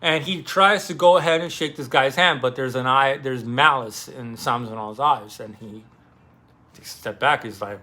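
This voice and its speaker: A young man talks through a novel's plot in loose, casual speech. His voice is bright and forceful, at a middle pitch. He rambles, swears freely and acts out the characters' words. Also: moderate pace. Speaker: book discussion host. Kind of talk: casual book summary.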